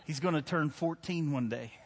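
A man in his thirties preaching a sermon, telling a family story in a relaxed, joking way and often checking in with the crowd. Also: a little high, moderate pace. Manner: conversational, joking, asks the crowd "right?". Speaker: pastor. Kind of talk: sermon with personal stories. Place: church hall. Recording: long hall reverb.

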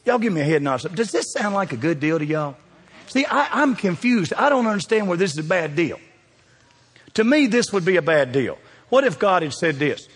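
A man preaching in a church, his fairly high voice carried by the long reverb of a large hall. He is folksy and dramatic, speaking straight to the people in the pews as he preaches. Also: sing-song, normal speed, slightly rough. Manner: folksy and dramatic, addresses the congregation directly. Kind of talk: sermon. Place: church sanctuary.

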